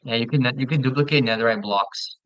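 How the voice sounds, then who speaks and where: A man's voice: medium pitch, fast talker, dry recording, lo-fi sound. Casual man chatting over a game. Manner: relaxed, chatty, stumbles and restarts often. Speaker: gamer playing with a friend. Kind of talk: casual gaming chat.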